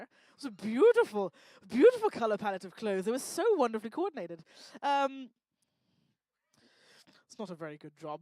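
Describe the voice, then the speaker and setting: A woman doing lively, teasing crowd work on a live talk stage, speaking into a handheld microphone. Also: a little high, no echo. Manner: energetic, teasing, bossy and quick to joke. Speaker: stage performer working the crowd.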